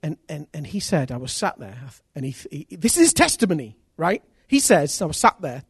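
In a dry, studio-quality recording, a man with a fairly high, husky voice speaks briskly as he preaches a sermon. He tells conversion stories, animatedly acting out the people in them and repeating phrases.

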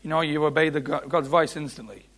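A man's voice: a little high, fast. A man preaching an impassioned sermon, repeating phrases and building to emphatic peaks. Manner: impassioned, repetitive, rising to shouts.

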